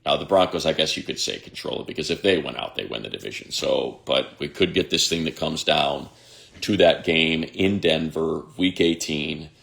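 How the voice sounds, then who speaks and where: Very deep gravelly-voiced man chatting. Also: moderate pace, fairly bright tone. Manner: reads viewer comments aloud, chatty and rambling. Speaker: sports radio host. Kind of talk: casual livestream chat.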